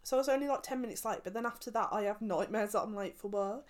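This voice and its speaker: A woman's voice: mid-range voice, fast. A young woman in casual chat, rambling through stories and laughing often.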